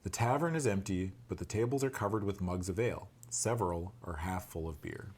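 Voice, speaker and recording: A man's voice: low-pitched, brisk, a little mellow, breathy edge. A man acting as game master, reading adventure text aloud and breaking into joking, cursing banter between passages.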